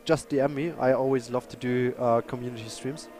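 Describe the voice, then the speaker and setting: A man who speaks natively, chatting and commentating a live sim race, excitable and apologetic. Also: mid-range voice, a little fast, noisy background. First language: German.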